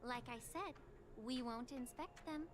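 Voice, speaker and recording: An actress voicing a calm, dryly teasing female port official in a game. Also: sits high, a little slow. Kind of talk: game voice acting.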